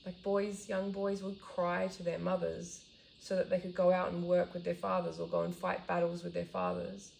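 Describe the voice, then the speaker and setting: A woman's voice: fairly low pitch, completely flat delivery, moderate pace, vocal fry, darkish tone, a little hiss or hum, low-quality recording. A woman hosting a podcast, speaking in a thoughtful, affirming way. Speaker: podcast host. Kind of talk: reflective casual conversation.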